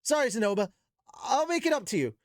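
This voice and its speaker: A man's voice: very high-pitched, big pitch swings, a little fast, no echo, studio quality, pitched above the performer's own voice, heavily acted. A man voicing a casual, eager young male mage.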